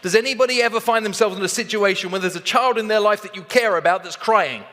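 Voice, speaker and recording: Animated male motivational speaker, high and bright, echoing in a large hall. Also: fast. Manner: animated, acts out both sides of conversations. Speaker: sales trainer speaking on stage. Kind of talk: motivational talk.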